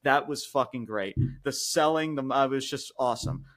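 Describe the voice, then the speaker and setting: A man co-hosting a podcast, recapping a wrestling show in casual chat, excited and swearing freely with lots of fillers. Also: medium pitch, moderate pace. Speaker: podcast co-host reviewing wrestling.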